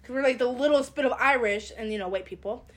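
A woman's voice: a little high, fast. A woman co-hosting a podcast in casual chat, giggly and rambling, often trailing off. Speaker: podcast co-host.

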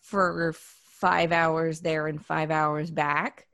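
A woman co-hosts a casual podcast with a lowish, gravelly voice. She talks slowly and unhurriedly, in a playful, teasing way. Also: level tone, a bit bright. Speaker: podcast co-host. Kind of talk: casual chat.

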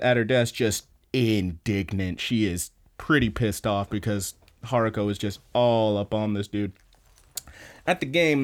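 A man's voice: medium pitch, smooth. A man hosting a podcast, recapping an episode in a casual, rambling way with lots of fillers and restarts. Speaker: podcast host.

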